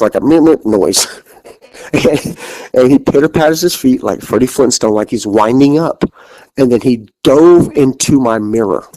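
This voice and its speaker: A man's voice: medium pitch, a little mellow, no room sound, low-quality recording. A man telling a haunting story as a podcast guest, rambling, repeating himself and swearing freely. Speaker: interview guest.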